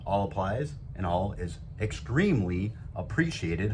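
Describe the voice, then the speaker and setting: A man's voice: low-pitched, big pitch swings, moderate pace, hardly any pauses, darkish tone. A man hosting his own motivational talk show, upbeat and rambling, poking fun at himself. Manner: upbeat, rambling, self-joking. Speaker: show host. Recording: noisy background.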